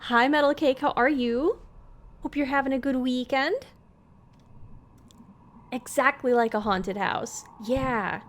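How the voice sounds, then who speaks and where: Her high voice moves slowly, with long pauses, as this female streamer reads a game's dialogue aloud during a live let's play. She talks into a desk mic and chats with her viewers in between.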